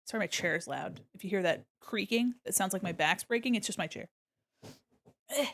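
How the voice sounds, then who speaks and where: A woman's voice: medium pitch, fairly quick, vocal fry, fairly bright tone. A woman streamer chatting casually with her viewers while drawing, laughing and humming to herself.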